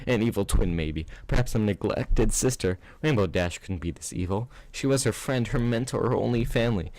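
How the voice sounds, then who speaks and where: A man with a very low, deep voice reads a fan-fiction story aloud at a steady pace, stumbling over a word now and then. The recording is close and completely dry, with no room sound. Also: normal speed, no room sound. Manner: steady read-aloud with small slips. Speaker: reader.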